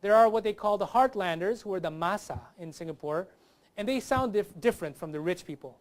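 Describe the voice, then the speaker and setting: A man's voice: sits high, a little fast. A man, a comedian guest on a talk show, telling a lighthearted stand-up bit. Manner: lively, does accent impressions.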